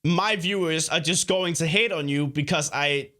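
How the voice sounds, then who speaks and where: A man's voice: on the high side, normal speed, pushed and bright. A young man hosting a reaction video, talking back at a clip in an indignant, sarcastic way. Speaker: YouTuber host. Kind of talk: reaction commentary.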